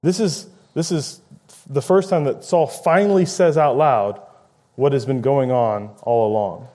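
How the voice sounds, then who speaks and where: A man's voice: medium pitch, unhurried, dark tone. A man preaching a conversational sermon, paraphrasing scripture and acting out quoted lines with rising emphasis.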